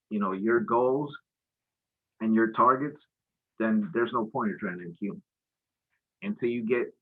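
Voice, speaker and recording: A futures trading presenter with a lowish voice gives a casual market recap as he walks through charts. He rambles loosely, using plenty of fillers and slang, and the audio sounds narrow and tinny.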